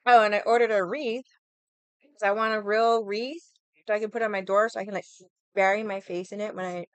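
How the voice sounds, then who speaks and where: A woman's voice: mid-range voice, fairly even intonation, fairly quick, clear, resonant tone, no echo. A young woman chatting casually with viewers on a livestream, rambling, swearing freely and laughing often. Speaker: livestream vlogger.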